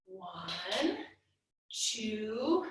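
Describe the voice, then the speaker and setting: A woman's voice: medium pitch, very animated, very slow, background noise. A woman leading a playful yoga class for small children, telling a rhyme story in a sing-song way. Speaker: kids yoga teacher. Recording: echoey room, mic far off.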